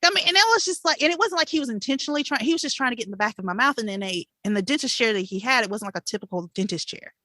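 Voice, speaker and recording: Animated woman telling a story. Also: a little high, very fast, few pauses, dry recording, clean studio sound. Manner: animated, expressive storyteller with laughs and fillers. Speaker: podcast co-host. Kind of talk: casual storytelling chat.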